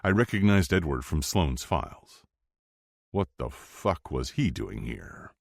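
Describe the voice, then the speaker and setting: A man narrating a first-person romance audiobook in a low, steady, intense delivery. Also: a little slow, creaky, dry recording, studio quality.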